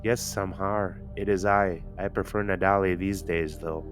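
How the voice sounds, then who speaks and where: A man's voice: low voice, fairly even intonation, a little slow, faint music behind. Man doing a soothing, lilting alien woman. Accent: lilting, heavy upward inflection on vowels. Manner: soothing, hushed. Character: gentle, compassionate older woman healer.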